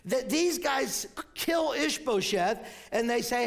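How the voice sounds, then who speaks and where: An older man preaching a sermon as pastor, telling stories and quoting scripture, sometimes rising to shouts. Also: extremely high pitch, expressive, unhurried, hardly any pauses.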